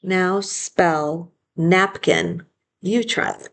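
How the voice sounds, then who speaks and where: A woman teacher giving a phonics lesson, slowly sounding out each word syllable by syllable and modeling the spelling aloud. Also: lowish voice, expressive. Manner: slow and deliberate, sounding out syllables.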